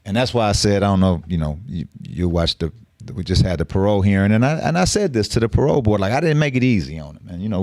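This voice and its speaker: A middle-aged man from the Bay Area speaks in a very deep voice. He tells his story in a blunt, profane, streetwise way. The sound is close and dry. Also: a little mellow, dry recording. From San Francisco Bay Area. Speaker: guest. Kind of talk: casual storytelling interview.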